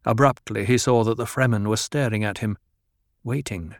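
A man narrating an audiobook in a calm, measured reading style. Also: on the low side, no room sound, clean studio sound. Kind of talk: scripted narration.

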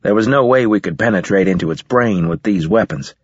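Low, husky male audiobook narrator. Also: brisk, dry recording. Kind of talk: audiobook narration, first person. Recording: slightly dull lo-fi recording.

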